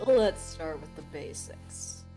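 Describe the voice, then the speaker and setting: A woman voicing a cool, smug masked male prosecutor with an unhurried, dry delivery while reading game dialogue. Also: deep voice, lively intonation, over music.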